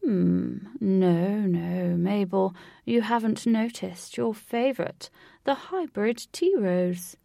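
A woman voicing a gentle elderly man who talks in a deliberate, drawn-out way. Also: medium pitch, vocal fry, dry recording, clean studio sound. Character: elderly husband, gentle and knowing.

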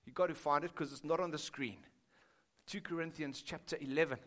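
A man preaching in a high, ringing voice. He keeps it conversational, teasing and addressing his listeners directly as he reads and explains scripture. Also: steady tone, fairly quick, a bit bright. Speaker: pastor. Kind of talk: sermon.

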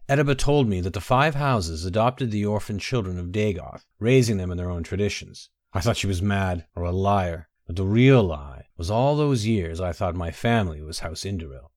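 A tormented young man, as a male narrator plays him, brooding and strained. The voice sits low and shifts lively in pitch. It is recorded dry and close. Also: moderate pace, hardly any pauses, dry recording. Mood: haunted.

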